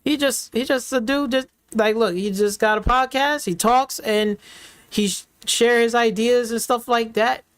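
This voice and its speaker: A man's voice: very high-pitched, steady tone, a little slow, fairly bright tone, smooth, no echo. A man ranting in heated, profane slang as a reaction streamer, repeating himself and trash-talking rivals.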